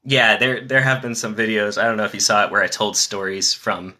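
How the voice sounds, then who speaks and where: A man on a casual live stream, reading dad jokes in quick succession and chatting with viewers between them. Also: lowish voice, little pitch movement, bright, forceful tone. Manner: rapid-fire jokes with chatty asides to viewers.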